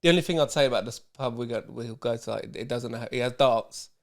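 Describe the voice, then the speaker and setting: Male podcast host, mid-pitched, easygoing banter with a friend, laughs often. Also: brisk. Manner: laid-back, laughing, swearing banter. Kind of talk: casual chat.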